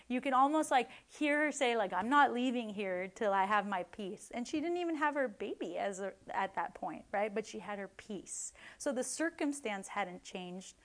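A woman giving a casual devotional Bible teaching in a chatty way, tagging "right?" and "like," and acting out the people she quotes. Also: medium pitch. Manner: chatty, many "like" and "right?" tags; acts out quoted people with lively voices.

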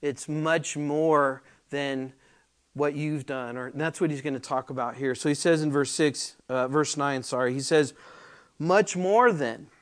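A man preaching a sermon, teaching through a Bible passage with conversational asides and fillers, growing louder and more emphatic when reading verses aloud. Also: on the high side. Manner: slow and deliberate, rising loudly when reading scripture aloud. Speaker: pastor.

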